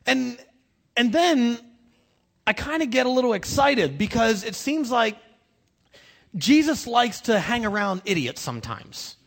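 A man preaching in a loose, conversational way, his voice sitting high and swinging up and down with lots of life. He pokes fun at himself and talks to the congregation like a friend, with slangy asides. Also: measured pace, creaky, slightly rough. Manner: animated, self-deprecating, slangy preaching. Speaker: pastor. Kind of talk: conversational sermon.

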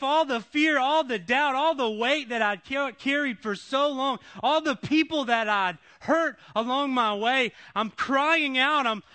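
High, bright-voiced man preaching a testimony. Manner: impassioned, repeats phrases, swings between loud and hushed. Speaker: speaker giving a testimony. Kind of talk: emotional testimony sermon.

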